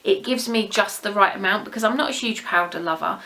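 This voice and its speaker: A young British woman chatting to her camera as a beauty vlogger, rambling and gushing in an easy, friendly flow. Her tone is crisp and sharp, with a middling pitch. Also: a little fast. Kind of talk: casual chat to camera.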